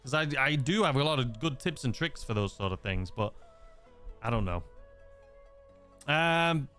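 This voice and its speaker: Rambling English livestream host, faint music. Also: male voice, mid-range voice, expressive, a little slow, a bit bright, smooth. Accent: mixed English, slightly Scouse-leaning. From England. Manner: rambling, hesitant, many fillers and restarts. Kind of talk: casual livestream chat reading viewer messages.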